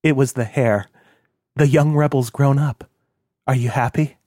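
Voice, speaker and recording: Man playing an older mother, soft, tender, slightly raised voice, dry recording. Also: medium pitch, steady tone, a little slow, no echo, close to an everyday voice. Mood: gentle. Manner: soft, tender, gentle questioning. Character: older mother, gentle and loving.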